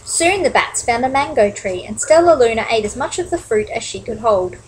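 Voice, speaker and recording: A woman reads a children's picture book aloud in an expressive storytelling manner. Her voice is high and very lively, rising and falling a great deal. A faint hiss sits under the reading. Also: fairly quick, low-quality recording. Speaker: storybook reader.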